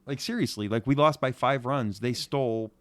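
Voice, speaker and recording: Brief: middle-aged Ohio man, Northeast Ohio accent, podcast co-host, animated storyteller, middle pitch. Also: normal speed. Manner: animated, acts out quotes. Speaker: podcast co-host, youth softball coach. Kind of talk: casual storytelling.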